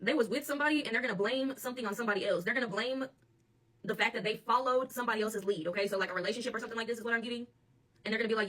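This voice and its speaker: Tarot reader, woman, AAVE, quick and sharp-toned, mic set back a bit. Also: a little high, recorded from a distance. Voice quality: blunt and profane, laughs often. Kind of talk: channeled tarot reading monologue.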